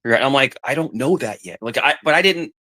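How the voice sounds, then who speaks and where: A middle-aged man chatting casually, voice sitting in an ordinary middle pitch. He rambles, repeats phrases and restarts sentences as he tells a family story. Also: expressive, brisk, bright, forceful tone. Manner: rambling, repeats himself, acts out quoted voices. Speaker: podcast guest telling family stories. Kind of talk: casual chat.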